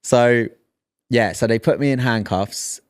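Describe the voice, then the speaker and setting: A man's voice: mid-range voice, a little slow, no room sound, studio quality. A man in his thirties, a podcast co-host telling a story in casual chat and acting out the lines he quotes.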